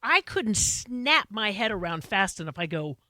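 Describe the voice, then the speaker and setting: A woman co-hosting a casual show in a studio, exclamatory and quick to laugh. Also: medium pitch, very animated, pushed and bright, no room sound. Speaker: co-host. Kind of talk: casual radio-show chat. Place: broadcast studio.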